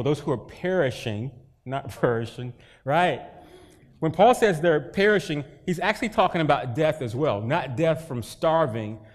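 A man's voice: medium pitch, in a large hall. Male pastor, mid-range voice, conversational sermon with emphatic swells. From North Carolina, US. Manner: conversational preaching with rising emphasis and folksy stories.

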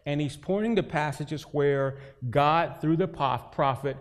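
A man's voice: fairly high pitch, unhurried, in a large hall. A man from North Carolina, a pastor preaching a sermon in church, mixing scripture with folksy stories and rising emphasis.

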